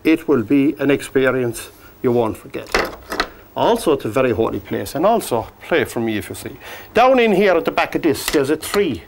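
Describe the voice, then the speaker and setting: A man teaching a painting demonstration, gently coaxing the brushstrokes as if talking to the paint. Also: medium pitch, expressive, moderate pace, background noise. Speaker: painting instructor.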